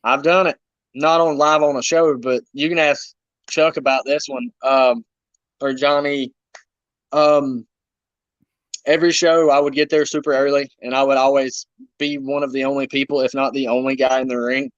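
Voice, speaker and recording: A man being interviewed, telling animated wrestling-road stories in casual chat with playful humor. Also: mid-range voice, moderate pace, no room sound. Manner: animated storyteller, self-deprecating humor. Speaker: wrestler guest. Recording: dull lo-fi dry sound.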